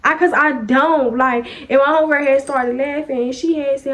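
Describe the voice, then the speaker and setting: 一位年轻女性的声音偏高，以随意聊天的方式讲述学校里的故事，语气泼辣爽快，时常模仿别人说话的口吻。她的声音高而明亮，叙述流畅，带有生活化的口语感。. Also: female voice, sits high, steady tone, normal speed, hardly any pauses, fairly bright tone. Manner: chatty, sassy, acts out quoted lines. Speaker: vlogger. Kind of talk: casual storytime vlog.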